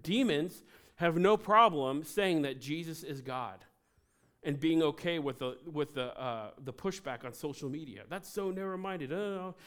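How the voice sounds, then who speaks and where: A male pastor delivering a sermon in a church service, his voice sitting a little high for a man. He talks in an easy conversational way, slipping in quick jokes aimed at the congregation between points. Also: fairly bright tone. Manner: conversational, with joking asides to the congregation.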